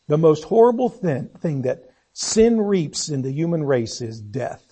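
Male preacher, sermon, high voice, unhurried, earnest, rhetorical questions. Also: mellow, husky. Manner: slow, earnest, rhetorical questions, voice dropping low on solemn phrases.

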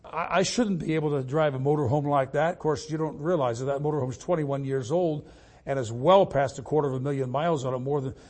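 An older man delivering a sermon in a fairly high-pitched voice. He reads scripture with rising, fervent force and slips into relaxed asides about his own life. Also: quick pace. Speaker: traveling preacher.

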